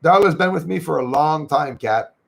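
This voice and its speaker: A man's voice: fairly high pitch, animated, normal speed, gravelly, fairly bright tone. A Canadian man hosting a casual livestream, chatting loosely and thanking viewers by name as he reads their comments. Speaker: livestream host.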